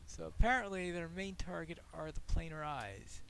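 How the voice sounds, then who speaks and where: A man's voice: fairly high pitch, normal speed, gravelly, fairly bright tone, clean tone. A man giving casual let's-play commentary, chatting and reacting aloud while he plays. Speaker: gameplay commentator.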